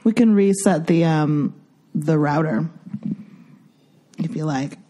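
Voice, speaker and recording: A woman's voice: low-pitched, takes it slowly, dark tone. A woman co-hosting a casual podcast, teasing her partner and laughing often. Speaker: podcast co-host.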